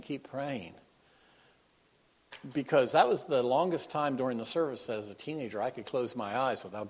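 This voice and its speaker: A man's voice: medium pitch, slightly rough. Man preaching a conversational sermon. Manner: conversational and anecdotal, with laughter and self-corrections; swings between emphatic exclamations and quiet asides. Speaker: guest preacher.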